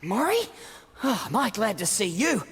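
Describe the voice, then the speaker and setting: A man's voice: high voice, big pitch swings, moderate pace, creaky, a bit bright, slightly rough, in a large hall, full character voice. An actor playing an earnest young male Tasmanian tiger hero in a video game. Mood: eager.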